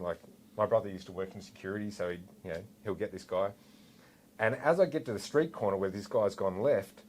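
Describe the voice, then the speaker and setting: A man in his forties with an Australian accent, a former police officer telling a story in a relaxed, animated way with lots of asides. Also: on the low side, a little hiss or hum. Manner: animated, rambling with fillers and asides. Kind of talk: casual storytelling anecdote.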